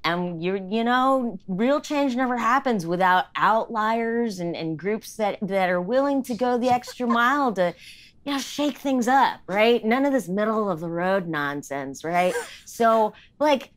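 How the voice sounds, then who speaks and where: A woman's voice: mid-range voice, close to an everyday voice. A woman voicing a laid-back young satyr girl with radical ideals, who drawls easygoing lines full of "man" and "you know".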